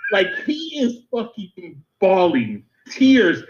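A man's voice: high voice, huge pitch swings, takes it slowly, slight background noise. A man from Miami co-hosting a podcast, telling a story animatedly and laughing easily. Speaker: podcast co-host. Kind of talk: casual chat, storytelling. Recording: dull lo-fi recording.

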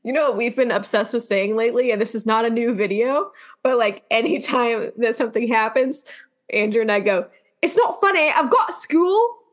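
Female co-host with a slightly high voice, quick to laugh and react. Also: steady tone. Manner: laughs often, reacts with surprise. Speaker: podcast co-host. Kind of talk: casual chat.

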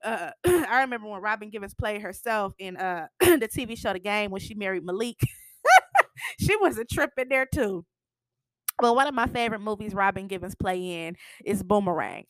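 A woman's voice: mid-range voice, a bit bright, no echo. A woman giving a casual, sassy recap of a TV episode. She laughs often and acts out the characters' lines as she goes. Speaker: TV recap vlogger.

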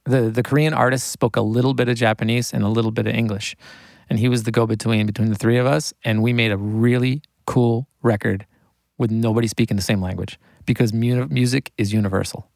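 A man, a guest talking about mixing records in a casual interview, rambling and animated and laughing often. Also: mid-range voice, brisk, creaky, dry recording, clean studio sound. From United States.

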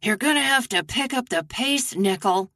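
A woman's voice: medium pitch, normal speed, a bit bright, dry recording, studio quality, lightly acted. A woman voicing a curt, nagging older sister in an audiobook reading. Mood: impatient. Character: brusque impatient older sister.

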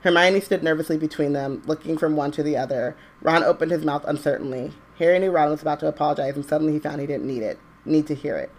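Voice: mid-range voice, fast, few pauses. Podcast co-host reading a novel aloud. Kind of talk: casual book discussion and read-aloud.

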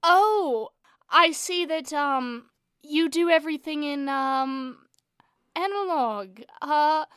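A woman improvising as a prim, polite businesswoman who speaks slowly and deliberately. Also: high voice, fairly bright tone, dry recording, clean studio sound. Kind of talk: improvised comedy scene.

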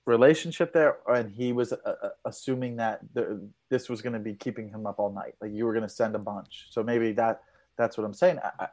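A man's voice: lowish voice, brisk, a little mellow. Rambling mock-serious comedian, man. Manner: rambling, mock-serious, lots of "you know". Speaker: comedian and actor, podcast guest. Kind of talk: casual comedy podcast chat.

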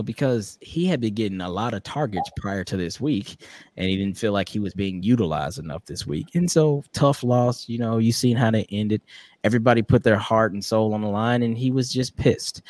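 A low-voiced man hosts a sports podcast in a loose, joking way. He teases his co-hosts as he talks. The sound is dry and close. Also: darkish tone, no echo. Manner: playful, teasing, ribs co-hosts. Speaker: podcast host. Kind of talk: casual sports podcast chat.

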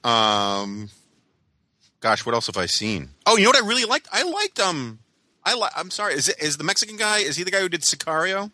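A man's voice: fairly high pitch, big pitch swings, a little fast, pushed and bright, dry recording. A man co-hosting a casual podcast chat, musing hesitantly with many ums. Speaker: podcast co-host.

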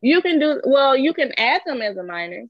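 A woman's voice: sits high, very animated, fairly quick, highs cut off. A woman advising on credit in casual chat, explaining steps plainly.

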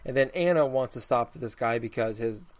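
A man talks in an easygoing conversation at a normal pace, his voice squarely mid-range. He circles his point, stumbling over words and restarting sentences again and again as he explains.

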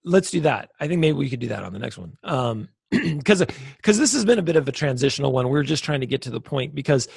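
A man's voice: mid-range voice, very animated, quick pace, gravelly, few pauses, breathy edge, no echo, clean studio sound. A man co-hosting a podcast in casual chat, rambling and joking as he wraps up. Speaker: podcast co-host; lead pastor.

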